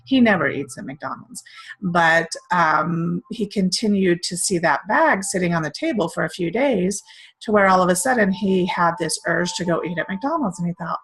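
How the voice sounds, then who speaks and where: Middle-aged lady chatting about self love, kinda low voice, rambly and earnest. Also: animated, moderate pace, a bit bright, breathy edge, rough recording. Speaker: self-care course host. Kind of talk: casual spiritual self-help talk.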